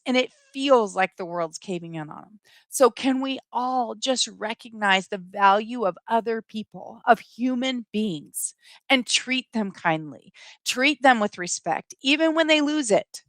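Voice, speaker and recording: A woman's voice: on the high side, fairly bright tone, dry recording. A middle-aged woman hosting a live stream, speaking earnestly and pleading with viewers, then reading their comments aloud. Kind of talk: emotional live stream chat.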